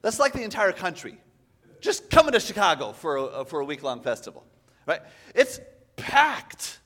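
A man preaching a sermon, animated and conversational, often tossing in "right?" to the congregation. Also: high voice, moderate pace.

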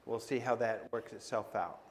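A man's voice: lowish voice, fairly even intonation, moderate pace, in a large hall, slight background noise. A man preaching a sermon in a conversational way, often asking his listeners questions. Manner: conversational, asks the audience questions. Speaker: pastor.

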